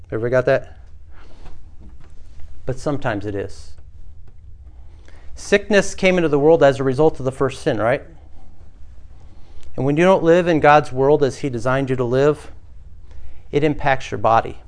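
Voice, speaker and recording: A man's voice: fairly high pitch, animated, moderate pace, long pauses. A man preaching a sermon as pastor, earnest and asking the congregation rhetorical questions.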